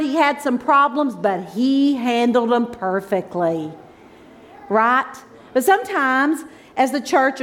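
Woman, 50s, pastor's wife, high bright voice, chatty emotional sermon delivery. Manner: emotional, conversational preaching, swings from loud exclaims to soft asides.

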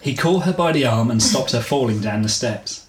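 A woman's voice: a bass voice, expressive, normal speed, reverberant, noisy background. A woman reading a comic romance story aloud as a podcast host, breaking off to giggle. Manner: reads narration, giggles, puts on a gruff voice for quotes.

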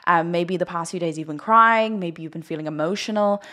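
A woman's voice: on the low side, brisk, pushed and bright. A woman hosting a spiritual livestream, talking straight to viewers in a giddy, laughing, rambling way. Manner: talks to viewers directly. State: one eye watering. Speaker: spiritual coach hosting a live video. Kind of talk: casual spiritual vlog on a livestream.

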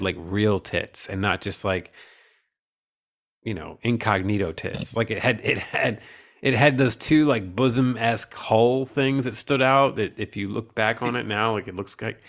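A man's voice: lowish voice, fairly bright tone. A man co-hosting a casual, profane movie-review chat, rambling and joking crudely. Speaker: podcast co-host.

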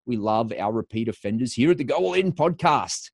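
A man hosts a podcast, upbeat and lively, selling the show before chatting with his guest. His voice sits mid-range. The sound is dry and close, with no room around it. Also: medium pitch, brisk, vocal fry, hardly any pauses, dry recording. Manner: upbeat, lively, promo-style. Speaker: podcast host. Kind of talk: podcast intro and interview.

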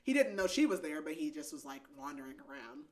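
A woman's voice: sits low, big pitch swings, fast talker, crowd noise. A young woman co-hosting a podcast, casually recapping a book, chatty, with lots of "like" fillers and frequent laughter. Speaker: podcast co-host.

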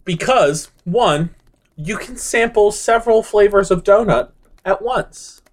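A man's voice: high voice, expressive, slow. A man co-hosting a podcast in casual chat, playful and jokey. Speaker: podcast co-host.

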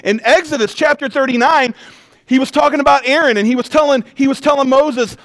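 A man preaching a sermon as a pastor, animated and emphatic, moving between loud declarations, quiet intensity and humorous storytelling. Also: very high-pitched, brisk. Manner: conversational storytelling with self-deprecating humor.

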